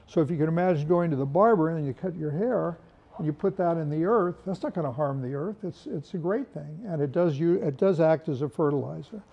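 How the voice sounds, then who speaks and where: Older man, seasoned industry presenter; warm, folksy and joking, somewhat high and gravelly, dull lo-fi sound. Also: fairly quick. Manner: folksy, rambling storyteller with humor. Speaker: wool carpet industry veteran giving product talk. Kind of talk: informal product presentation.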